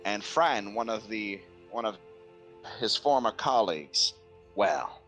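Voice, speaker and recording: Man playing a gruff protective old caretaker, Irish accent, stern, folksy. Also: lowish voice, a little slow, a bit bright, soft background music. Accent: Irish (put on). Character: gruff older male university caretaker, protective.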